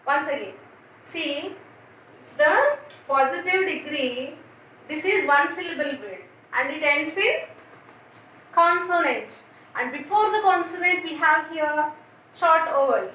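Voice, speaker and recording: A woman's voice: high-pitched, expressive, slow pace, long pauses, sharp tone. A woman teacher, spelling words letter by letter and quizzing children in a grammar lesson. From India. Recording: very echoey room, voice from a distance, faint noise.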